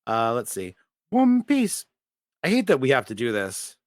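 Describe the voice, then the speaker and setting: A man's voice: medium pitch, wildly swooping pitch, measured pace, no echo. Guy on a podcast ranting, swears a lot, mid voice, dry close sound. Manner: blunt, profane ranting. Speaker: podcast co-host. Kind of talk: casual chat.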